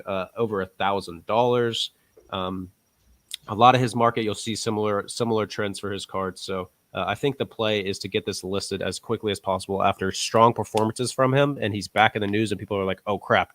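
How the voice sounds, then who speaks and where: A man co-hosting a casual podcast, pitching his investment picks with upbeat, rising emphasis. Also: fairly even intonation, fairly quick, fairly bright tone, no echo. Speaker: co-host.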